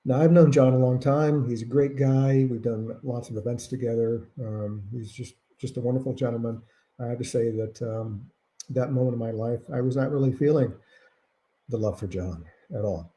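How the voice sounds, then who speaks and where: A man's voice: mid-range voice, steady tone, moderate pace, warm tone. A man, an author, answering reader questions over a video call from home, telling stories casually with wry, self-deprecating humor. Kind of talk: casual anecdotal storytelling. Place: at home during lockdown.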